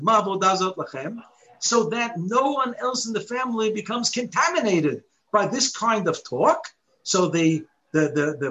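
A man's voice: high voice, a bit bright, rough recording. A man giving an expository Torah lesson, explaining step by step, reciting Hebrew verses and posing rhetorical questions. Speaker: Torah teacher.

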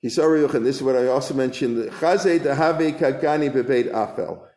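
A man's voice: medium pitch, a little fast, mellow. Man teaching Talmud in an echoey room. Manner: reads the Aramaic then paraphrases it in loose conversational English. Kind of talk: informal Talmud class.

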